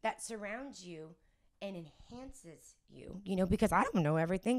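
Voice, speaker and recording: A young woman talks openly as a guest on a casual interview podcast. She tells her story with lots of animation and laughs often. Her pitch sits in the middle for a woman. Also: lively intonation, normal speed. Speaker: singer-songwriter guest.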